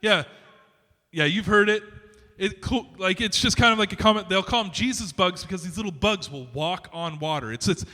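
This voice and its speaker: Male pastor, high bright voice, chatty animated sermon delivery, reverberant church hall. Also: moderate pace. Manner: animated, conversational preaching with many restarts and asides. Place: church sanctuary.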